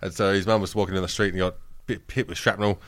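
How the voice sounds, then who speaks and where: Low-voiced man in dry casual chat. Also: level tone, racing, fairly bright tone, dry recording. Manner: joking, swears freely, rambling anecdotes.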